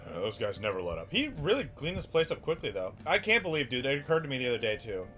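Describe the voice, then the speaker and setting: A man's voice: medium pitch, huge pitch swings, fast, sharp tone, soft background music. A young man streaming a game with a friend in casual, joking, rambling chat.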